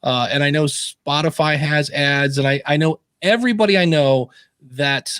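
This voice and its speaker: A man's voice: fairly high pitch, normal speed, clear, resonant tone, dry recording, clean studio sound. A man on a podcast panel, chatting casually and acting out quotes as he tells stories. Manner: animated storyteller, acts out quotes.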